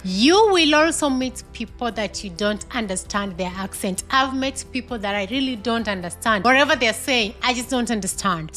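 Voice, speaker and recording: A woman's voice: on the high side, pushed and bright. A woman with a non-American English accent giving earnest advice in a vlog, stressing her points by repeating them. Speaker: vlogger advising immigrants. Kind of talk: direct-to-camera advice vlog.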